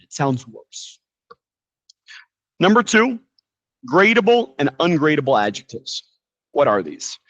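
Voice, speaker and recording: An American man teaching a live English lesson in a relaxed, chatty way with frequent asides. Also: mid-range voice, dry recording, highs cut off. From United States. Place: living in Brazil, teaching from a quiet room.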